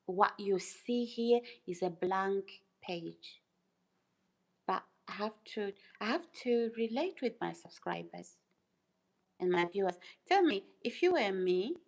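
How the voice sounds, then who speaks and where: Slow-talking woman livestreamer, emphatic. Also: medium pitch, expressive, low-quality recording. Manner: emphatic, repeats phrases, rhetorical questions. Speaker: YouTuber livestream host. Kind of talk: casual livestream talk to chat.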